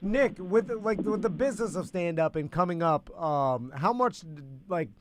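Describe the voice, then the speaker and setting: A man hosting a casual talk show, asking long, halting questions full of fillers. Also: high-pitched, animated, noisy background. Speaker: podcast host. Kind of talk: casual interview chat.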